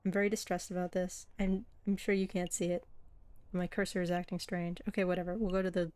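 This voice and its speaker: A woman's voice: lowish voice, little pitch movement, fairly quick, darkish tone, clean tone, no echo. A woman playing through a game on stream and chatting with viewers between dialogue lines. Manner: chatty, giggly asides to viewers. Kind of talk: casual game playthrough, reading dialogue aloud. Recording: light background music.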